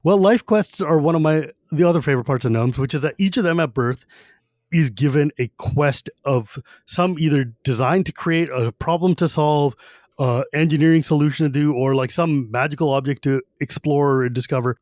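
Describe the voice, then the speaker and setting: Podcast co-host, male, slightly high voice, dry close mic, chatty retelling with offhand character asides. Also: darkish tone, no echo. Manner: retells scenes loosely with quick put-on character quotes. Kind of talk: casual book-discussion podcast.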